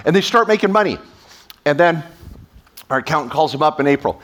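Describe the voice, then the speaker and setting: A man speaking as a tax attorney at a live event, energetic and sarcastic, slipping into quoted voices, on a stage microphone. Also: a little high, brisk, pauses often. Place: event stage before an audience.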